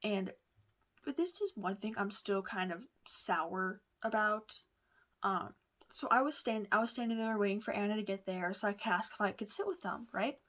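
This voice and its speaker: A woman's voice: medium pitch, normal speed, a bit bright. A woman vlogger telling a personal story in a casual, rambling way, full of fillers, restarts and asides. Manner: chatty, confiding.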